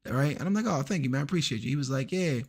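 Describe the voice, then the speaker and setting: A man streaming a game, chatting casually and acting out the people in his stories in an animated way. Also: medium pitch, rapid-fire. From Washington, DC area. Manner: animated, acts out quoted people. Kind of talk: casual storytelling while gaming.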